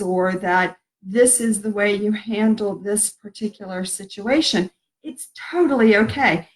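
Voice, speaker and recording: A woman's voice: mid-range voice, low-quality recording. A middle-aged woman hosting a casual spiritual live stream, rambling and laughing at herself as she talks about love and connection.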